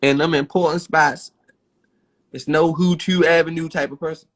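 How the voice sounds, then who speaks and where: A man's voice: a little high, steady tone, normal speed. A man with a Baltimore accent ranting bluntly and profanely on a phone livestream. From Baltimore, USA.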